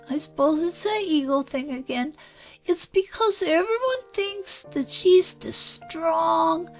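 A woman's voice: very high voice, fairly bright tone, full character voice. A woman speaking as her inner child, an earnest, anxious five-year-old girl who rambles and apologizes. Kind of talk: spoken channeling session.

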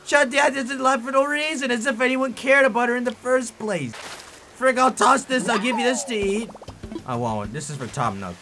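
Animated young man ranting over gameplay. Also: very high voice, brisk, a little hiss or hum. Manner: animated, theatrically angry ranting. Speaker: gaming YouTuber. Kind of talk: casual gameplay commentary. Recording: faint music behind.

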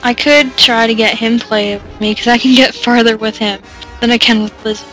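A fairly high-voiced woman talks loosely over a game, wandering off topic and poking fun at herself. She fills pauses with "uh" and "like" and breaks into giggles. Soft game music plays faintly underneath. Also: fairly even intonation. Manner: rambling, self-deprecating, giggly, many fillers. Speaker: let's play commentator. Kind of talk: casual gameplay commentary.

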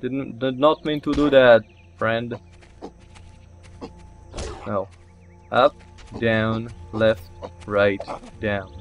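An excitable man narrates his gameplay in a casual let's-play style, with a mid-range voice. He scolds and cheers the characters on screen and curses mildly. He laughs often at his own slips. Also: mid-range voice, extremely slow, long pauses, highs cut off, soft background music. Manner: excitable, talks to the game characters, mild swearing, laughs at himself.

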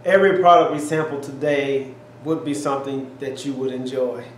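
A man's voice: medium pitch, steady tone, normal speed, slight background noise. A man co-hosting a home cooking taste test, exclaiming and chatting folksy in a kitchen. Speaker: cooking channel co-host. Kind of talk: casual taste-test chat. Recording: echoey kitchen, faint ambience.

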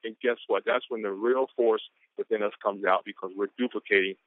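A man presenting on a motivational conference call, excitable and whooping between quotes. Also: on the low side, a little fast, no room sound. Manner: excitable, hollers woo. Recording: tinny phone line.

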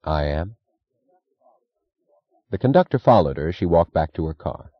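A man narrating an audiobook in a measured, even reading. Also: sits low, slightly rough, no room sound, dull audio. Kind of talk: scripted narration.

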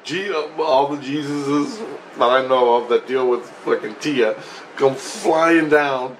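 A man telling a rambling, profane story in a casual vlog, getting excitable as he goes. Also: mid-range voice, slow pace, a little hiss or hum, low-quality recording. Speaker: vlogger.

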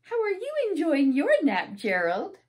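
An excitable little storybook pig, chirpy and high, its voice swooping up and down with delight, as a woman puts it on while reading aloud. It talks in an unhurried, bouncy way. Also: heavily acted. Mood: sweet.

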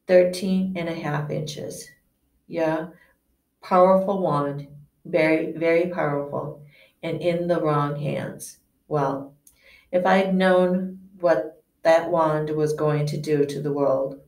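A woman's voice: deep voice, steady tone, a little mellow. A woman voicing a musing old wandmaker. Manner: musing, measured, with hesitant restarts. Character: old male wandmaker, eerie and intense. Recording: echoey room, distant mic.

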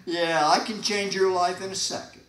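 A man preaching a sermon as pastor, folksy and animated, with sudden loud emphasis and quiet asides. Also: high-pitched, moderate pace, slight background noise. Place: church sanctuary. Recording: echoey church hall.

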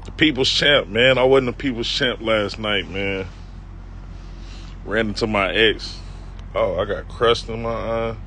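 A low-voiced man spinning a comic tale from his own life for a live stream, loose and slangy, breaking off for joking asides to whoever is watching. He is out on a city street, with the faint sound of the block behind him. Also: unhurried, bright, forceful tone, slight background noise. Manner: loose, slangy, self-mocking, with asides to viewers. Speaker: comedic vlogger telling a story. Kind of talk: casual storytelling to a live-stream audience.

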